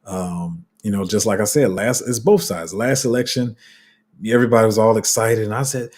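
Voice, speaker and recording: Chatty low-voiced host with a husky edge. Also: male voice, moderate pace. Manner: chatty, animated, acts out quotes, trails off and restarts. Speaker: crypto channel host. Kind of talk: casual commentary to viewers.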